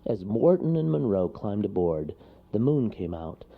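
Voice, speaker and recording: A man reading a children's storybook aloud with expressive delivery. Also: fairly low pitch, a little slow, vocal fry. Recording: lo-fi recording.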